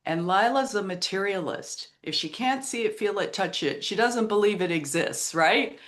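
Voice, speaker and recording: Middle-aged woman guest on a podcast, earnest and emotional, telling stories, medium pitch. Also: lively intonation, moderate pace, a bit bright. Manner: earnest, emotional, retells quotes in other voices. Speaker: podcast guest, memoir author. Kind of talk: heartfelt storytelling interview.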